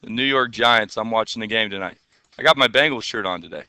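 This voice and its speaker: Bright, crisp-voiced man teaching a class. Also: fairly low pitch, fast talker, no room sound. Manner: chatty, asks the class questions, playful asides. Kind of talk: classroom software lesson.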